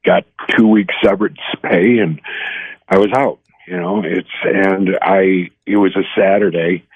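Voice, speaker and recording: Low-voiced older man on a phone line. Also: steady tone, slightly rough, no room sound. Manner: halting, earnest storytelling with restarts. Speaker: guest. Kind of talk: personal testimony in an interview. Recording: tinny dry phone line.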